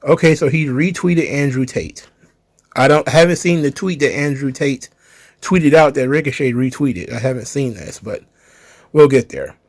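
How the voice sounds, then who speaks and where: A man's voice: mid-range voice, moderate pace, no room sound. A man hosting a wrestling commentary show, ranting in a heated, sarcastic way with swearing. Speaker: wrestling commentary channel host.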